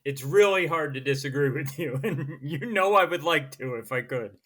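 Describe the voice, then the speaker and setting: A man hosting a podcast, quizzing his co-host in a quick, teasing casual chat about baseball. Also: on the high side, animated, fairly bright tone, slight background noise.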